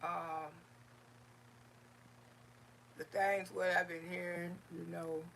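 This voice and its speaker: Gravelly woman chatting live. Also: fairly low pitch, little pitch movement, slow, fairly bright tone, a little hiss or hum, low-quality recording. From Florida, US. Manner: folksy and affectionate, calls listeners honey, sugar and baby. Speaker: livestream host. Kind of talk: casual livestream chat reading viewer comments.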